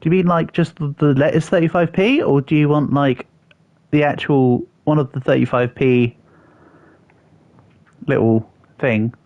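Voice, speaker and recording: A man's voice: a little high, steady tone, a little slow, long pauses. A young man livestreaming a building game, chatting casually and answering viewers with self-deprecating jokes. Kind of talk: casual gaming livestream chat. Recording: slightly dull audio with faint background music.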